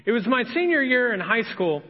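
A man's voice: very high-pitched, big pitch swings, a little fast. A pastor from Indiana preaching a conversational sermon, acting out the voices of people he quotes. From Indiana, USA. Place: church sanctuary. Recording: echoey hall, dull lo-fi sound.

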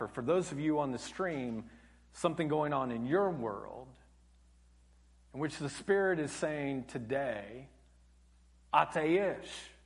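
A male pastor preaching a sermon, telling stories animatedly and dropping to a hush for emphasis, in a church auditorium. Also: on the high side. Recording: long church hall reverb.

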